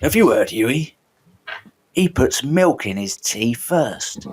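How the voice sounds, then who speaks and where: A man's voice: mid-range voice, very animated, slow pace, exaggerated voice. A man impersonating a mock-serious tough antihero. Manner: mock-serious, not gravelly. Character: tough gruff British antihero, grown man.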